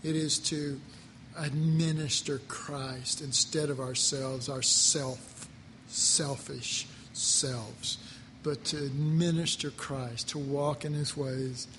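A male preacher giving a sermon, slow and emotional, drawing out his words as he is moved to his core. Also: on the high side, steady tone, a bit bright, slight background noise. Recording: reverberant hall, faint ambience.

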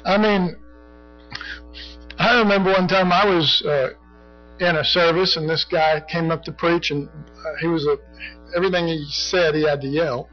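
A middle-aged or older man teaching a Bible study in a rambling, conversational way, full of "you know" and frequent throat clearing. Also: on the high side, steady tone, moderate pace, long pauses, faint music behind. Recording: dull lo-fi recording.

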